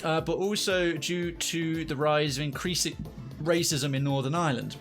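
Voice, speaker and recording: A male streamer reading viewer stories aloud and chatting between them, rambling and correcting himself as he goes. His pitch sits in a middle range, with faint music playing softly behind him. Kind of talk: live story reading and chat.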